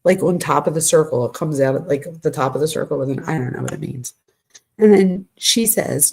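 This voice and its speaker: A woman's voice: low voice, animated, measured pace, darkish tone, husky. A woman commentator reading text messages aloud, breaking in with exasperated asides. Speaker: true crime commentator.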